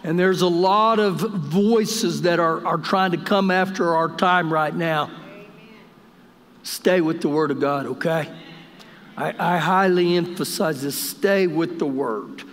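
A man with a notably high voice preaches a live Sunday sermon, jovial and talking directly to his congregation. The church around him rings with a long reverb. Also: fairly even intonation, takes it slowly, fairly bright tone, a little hiss or hum. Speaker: pastor. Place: church sanctuary during service.

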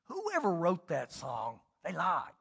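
A middle-aged man preaching a sermon as pastor, telling stories and swinging between loud and hushed delivery. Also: on the high side, wildly swooping pitch, slow pace, gravelly, slightly rough, in a large hall.

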